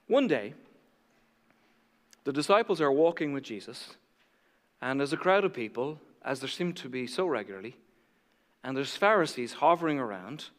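A man preaching a sermon, animated and conversational, acting out the voices of his listeners. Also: medium pitch, big-room sound. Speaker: pastor.

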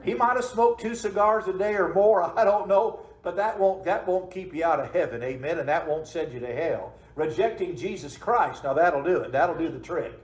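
A man's voice: high-pitched, moderate pace, hardly any pauses, reverberant, rough recording. A man preaching a sermon as pastor, folksy and calling out questions to the congregation. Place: church sanctuary.

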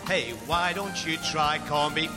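A man's voice: on the high side, steady tone, measured pace, lightly acted. A man singing a cheery sales jingle for a comedy-show advert, with music behind him. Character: upbeat adult male advert singer.

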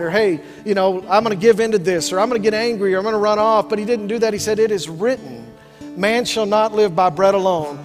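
A man preaches in a high, ringing register, folksy and fervent by turns. His voice carries a long reverb from the church sanctuary, and soft guitar plays faintly beneath him. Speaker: pastor. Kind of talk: sermon.

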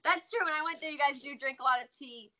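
An American woman talks as a guest in a relaxed interview. Her voice sits a little high and sounds bright and clear. She is animated and laughs easily. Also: fast talker. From United States. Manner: chatty, laughs often, animated. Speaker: guest, former wrestler. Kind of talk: casual interview chat.

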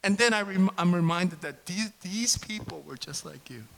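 A man in his fifties preaching a sermon as pastor, conversational and animated, often asking the congregation questions. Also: high voice, normal speed, gravelly, a little hiss or hum, poor audio. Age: 50s.

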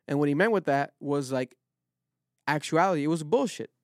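Man, podcast host, casual profane chat, high-ish voice, dry close mic. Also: lively intonation, brisk, no echo. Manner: profane, loose retelling.

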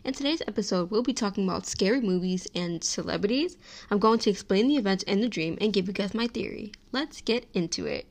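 A young woman hosting her own podcast, telling a story in a chatty, animated way, full of "like" and little laughs. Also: mid-range voice, a little fast. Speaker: podcast host. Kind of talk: casual solo podcast storytelling.

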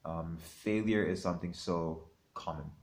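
A man hosting an interview, speaking thoughtfully with many pauses and repeated phrases. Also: deep voice. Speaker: host. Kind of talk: reflective interview talk.

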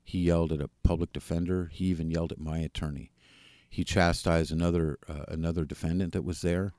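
A man, a podcast guest, candidly telling his personal recovery story in a plain-spoken, halting way with frequent restarts. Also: low-pitched, fairly even intonation, mellow, no room sound, clean studio sound.

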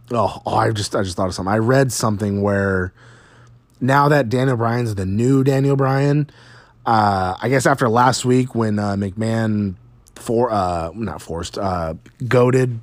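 A man's voice: lowish voice, no echo. A man casually recapping a wrestling show, rambling and swearing, with lots of fillers.

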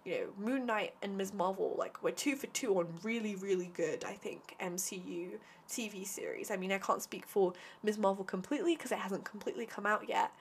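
A woman's voice: medium pitch, fairly quick, hardly any pauses, slight background noise. A young woman giving an enthusiastic, casual spoken review, chatty and full of "like" and "um". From Britain. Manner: enthusiastic, chatty, heavy use of "like" and "um". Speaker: vlogger reviewing a TV series.

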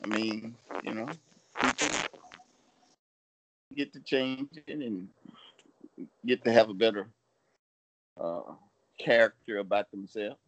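A man co-hosting a casual chat, thinking aloud in a slow, halting way. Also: lowish voice, vocal fry. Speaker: co-host.

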